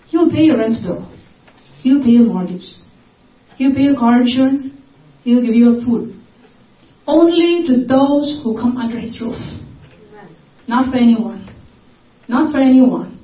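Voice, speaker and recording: A woman's voice: high-pitched, expressive, unhurried. A woman preaching a sermon, repeating phrases for emphasis and acting out desperate cries. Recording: echoey, distant, dull lo-fi recording.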